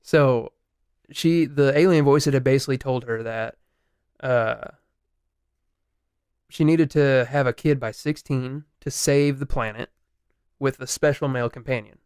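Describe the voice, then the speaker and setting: A young man co-hosting a podcast, retelling a story in casual chat, animated, swearing and laughing. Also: mid-range voice, a little slow, long pauses, clean tone, dry recording, studio quality. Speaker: podcast co-host.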